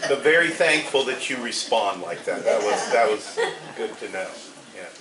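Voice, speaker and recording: A man's voice: fairly low pitch, expressive, moderate pace, a crowd in the background. A man in his sixties chiming in at a meeting, dry and matter-of-fact. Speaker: meeting attendee. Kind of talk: casual anecdote to a group. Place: meeting hall. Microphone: distant room mic. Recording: echoey hall, distant mic.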